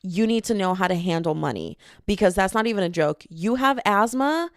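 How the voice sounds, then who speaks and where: A young woman hosts her own podcast alone, rambling through jokes at her own expense. Her voice has a steady gravelly fry at the ends of phrases. The sound is close and dry, with no room around it. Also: medium pitch, a little fast, no echo. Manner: rambling, self-deprecating, jokey. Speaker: podcast host. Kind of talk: solo casual podcast chat. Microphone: podcast microphone.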